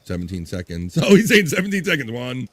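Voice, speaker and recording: A man's voice: mid-range voice, big pitch swings, fast talker, fairly bright tone. Chatty man hosting a live stream. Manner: chatty, laughs often, reads chat comments aloud. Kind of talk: casual live-stream chat.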